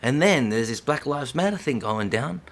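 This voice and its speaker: Here the same kind of middle-aged vlogger sounds animated, speaking at a moderate pace in a medium pitch. Addressing the camera off the cuff, he rants with heat, swears, leans on slang, and repeatedly tosses in "yeah?".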